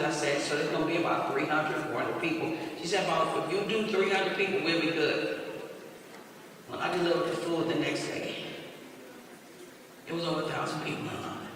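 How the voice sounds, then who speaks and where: A woman's voice: deep voice, a bit bright, slight background noise. Far-off echoey woman telling her story. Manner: earnest, emotional storyteller. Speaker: award honoree. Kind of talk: personal testimony. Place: video played in an event hall. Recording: distant echoey video playback in a hall.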